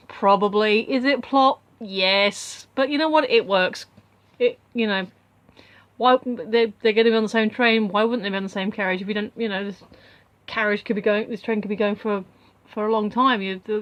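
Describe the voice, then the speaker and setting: A young woman casually recapping a film as a reviewer, rambling with many asides. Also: mid-range voice.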